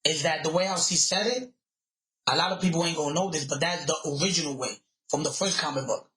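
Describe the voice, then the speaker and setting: A man co-hosting a podcast, telling stories in animated, excitable casual chat with many restarts. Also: a little high, quick pace, over a noisy crowd. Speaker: podcast co-host. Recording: roomy echo.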